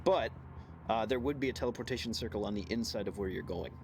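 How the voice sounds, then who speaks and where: A man running a tabletop game as game master, narrating and answering the players in a halting way that stumbles over its words. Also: lowish voice, darkish tone, slight background noise.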